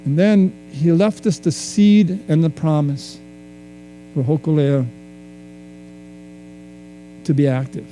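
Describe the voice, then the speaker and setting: A man from Hawaii giving a talk, telling a personal story in a reflective, halting way with many restarts. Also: a little high, steady tone, mellow, slight background noise, low-quality recording. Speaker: speaker. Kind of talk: storytelling lecture.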